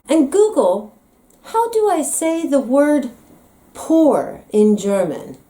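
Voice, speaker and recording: An American woman vlogging in a comic, teasing monologue. Her voice sits a bit high and swings widely in pitch. She plays up every point with dramatic flair. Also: sing-song, slow pace, dark tone. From United States. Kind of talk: comedic vlog monologue.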